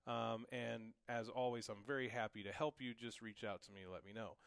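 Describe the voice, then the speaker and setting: A man's voice: medium pitch, steady tone, a little fast, gravelly, a bit bright, clear, resonant tone, dry recording. A young man giving a casual, encouraging drum lesson, explaining each pattern and counting it aloud. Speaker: drum teacher. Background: drum kit.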